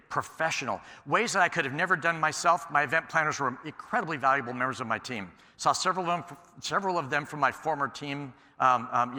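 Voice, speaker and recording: A man giving a conference keynote, telling stories in an animated way and acting out the dialogue. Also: fairly high pitch. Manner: animated storyteller, acts out quoted exchanges. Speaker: keynote speaker. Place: large conference hall. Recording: echoey hall sound.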